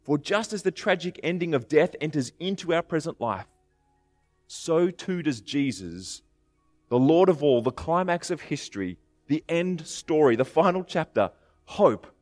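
Male preacher, higher voice, chatty and animated, dry close sound. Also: a little slow, dry recording, soft background music. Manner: conversational and animated, acting out quoted speakers. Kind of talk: sermon.

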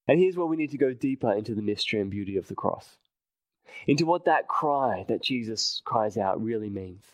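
A man preaching a sermon, earnest and emphatic, repeating phrases and dropping his voice to a hush at key points. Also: fairly low pitch, lively intonation, fairly quick, no echo, poor audio.

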